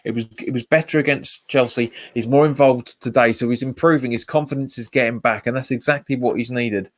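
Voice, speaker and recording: A chatty football fan channel host streams a live match watch-along through his webcam, speaking fairly quickly in a mid-range voice with fairly even intonation. He's casual, says "mate" often, and reacts to the match and to live chat comments.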